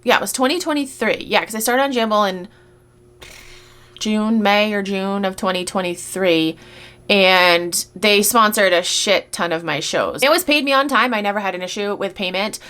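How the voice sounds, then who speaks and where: A woman's voice: medium pitch, moderate pace, a bit bright. A woman vlogger who resells goods, talking casually and bluntly, swearing freely and sounding exasperated. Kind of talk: casual rant commentary.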